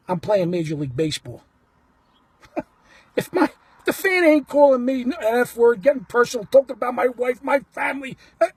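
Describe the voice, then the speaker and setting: A man recounts a story in a blunt, casual way. His voice is husky, and his pitch swings widely as he acts out each exchange. The sound is dry and close. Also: no room sound. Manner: animated, blunt, acts out the quotes. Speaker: baseball fan telling a story.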